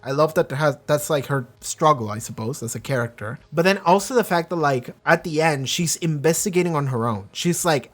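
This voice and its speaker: A man with a somewhat high voice, rambling through casual reaction commentary on a show. He swears freely and slips into quick impressions of the characters. It sounds unscripted and loose. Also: animated. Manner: rambling, profane, acts out characters' lines. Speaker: reaction video host.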